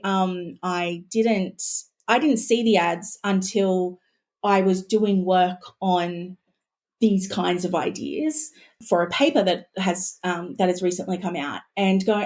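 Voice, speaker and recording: A woman's voice: on the low side, darkish tone. An Australian woman, a guest historian, talking in a casual podcast conversation, chatty and full of restarts and asides.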